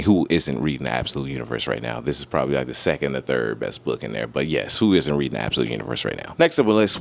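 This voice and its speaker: Deep-voiced, fast-talking comic reviewer. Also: male voice. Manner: excited and slangy, with many asides. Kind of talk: casual video review.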